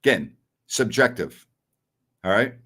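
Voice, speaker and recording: A man's voice: on the low side, expressive, a little slow, sharp tone, slightly rough. Blunt, opinionated male sports talk host. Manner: blunt and opinionated, scoffs at callers. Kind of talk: live-stream Q&A answering viewer messages.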